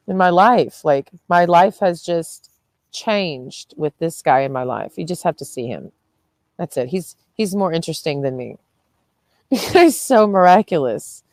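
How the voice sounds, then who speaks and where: A young woman with a low, deep-set voice chats loosely to camera, tired and nursing a headache. She swears freely and breaks into laughter between her sentences. The sound is close and dry, with no room around it. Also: animated, measured pace, darkish tone, dry recording. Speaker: vlogger. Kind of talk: casual rambling vlog.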